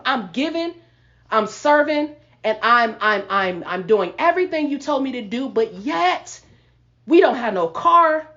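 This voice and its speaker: A woman hosting a podcast, telling a personal testimony in animated, casual storytelling that breaks into laughter. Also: high-pitched, moderate pace. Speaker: podcast host. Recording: lo-fi sound.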